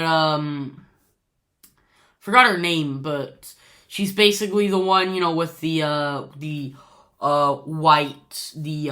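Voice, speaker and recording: A woman's voice: low-pitched, pushed and bright. A woman giving an unscripted movie review in a casual vlog, gushing and rambling with lots of fillers and restarts.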